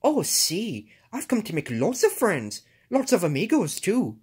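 A woman's voice: mid-range voice, wildly swooping pitch, a little mellow, breathy edge, heavily acted. A woman voicing a cheerful male cactus with a put-on Spanish accent, dropping Spanish words in home toy play-acting. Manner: sprinkles Spanish words, drawn-out "oh, see". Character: cheerful male Mexican cactus, friendly and easygoing.

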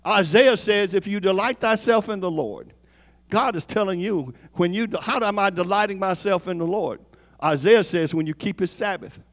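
A man's voice: high-pitched, moderate pace. A man preaching a sermon as an apostle, repeating lines for emphasis and calling on the congregation to respond. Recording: long hall reverb.

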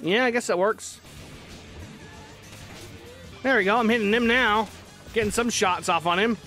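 Man doing a bright, high Goku voice. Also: measured pace, faint music behind. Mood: focused. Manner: excitable, yells in frustration. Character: cheerful young male martial arts hero. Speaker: gaming channel host. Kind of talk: in-character gameplay commentary.

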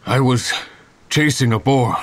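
An actor playing a weary man recovering from the cold in a video game, speaking in a slow, tired, earnest way. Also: medium pitch, a little hiss or hum, lightly acted.

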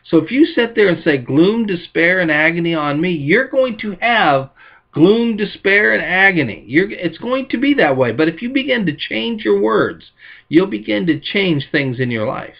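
Lively storytelling pastor, man. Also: high voice, moderate pace, vocal fry, lo-fi sound. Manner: storytelling with acted quotes and lively emphasis. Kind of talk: sermon.

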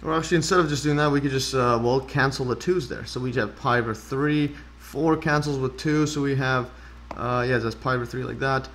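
A man's voice: mid-range voice, steady tone, brisk, a bit bright, slight background noise. A man explaining a math problem in a casual screen-recorded lesson, thinking aloud with frequent fillers and self-corrections, and keen on the animation he shows. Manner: enthusiastic about the animation. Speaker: math tutor.

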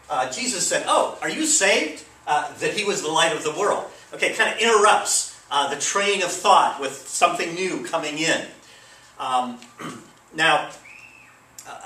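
A man giving an informal English lesson, relaxed and unhurried, with many fillers and asides. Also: mid-range voice. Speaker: English teacher. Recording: roomy echo, mic at a distance.

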